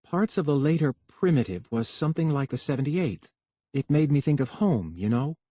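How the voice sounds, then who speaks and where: Male reader playing a quiet, plaintive young recruit; dry audiobook sound. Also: on the high side, animated, moderate pace, no room sound. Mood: subdued. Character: young man, rebellious, newly recruited.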